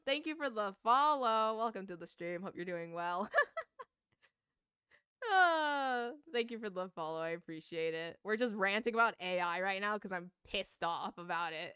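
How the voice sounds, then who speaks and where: A young woman streaming a game, ranting casually with swearing and quick laughs while chatting to viewers. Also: fairly low pitch, pushed and bright, clean tone, no echo, clean studio sound. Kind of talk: casual gaming stream chat.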